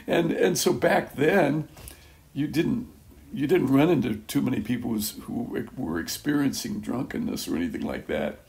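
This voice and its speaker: An older man giving a casual spoken testimony to a small church group, rambling and halting with many restarts and soft chuckles. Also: mid-range voice, animated, vocal fry. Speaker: speaker at a church gathering.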